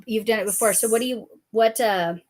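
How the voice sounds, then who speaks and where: A woman's voice: a little high, fairly quick, darkish tone. A woman hosting a casual live stream, chatting and rambling with many fillers.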